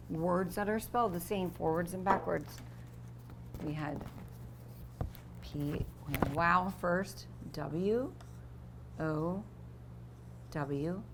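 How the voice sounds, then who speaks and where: A woman teacher with a lowish voice reads a picture book aloud to young children, pausing to explain words and acting out the sound effects with lively expression. There's a little hiss or hum in the audio.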